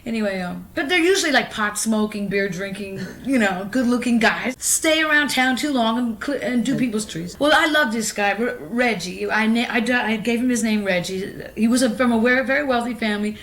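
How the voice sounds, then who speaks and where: A woman in her fifties tells long, wandering stories to an interviewer in her own home. Her voice sits a little high, and she is blunt and profane, often breaking into laughter. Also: lively intonation, a little fast, hardly any pauses, a bit bright. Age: 50s. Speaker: actress being interviewed. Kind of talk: candid rambling storytelling.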